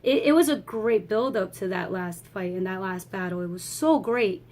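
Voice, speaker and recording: A woman's voice: mid-range voice, normal speed. Young woman ranting about a movie she loved, cusses a lot, all over the place. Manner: excitable, swears freely, rambling. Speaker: movie reviewer. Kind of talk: casual spoken movie review.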